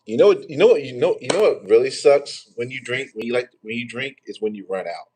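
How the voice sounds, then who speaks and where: A man's voice: medium pitch, animated, brisk, a little mellow, breathy edge. A man, hosting a tarot livestream in rambling, profane, joking casual chat.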